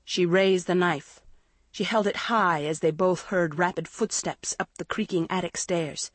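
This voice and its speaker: A woman reading a suspense novel aloud in a measured, steady narration. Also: fairly low pitch, dry recording. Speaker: audiobook narrator. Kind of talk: scripted narration.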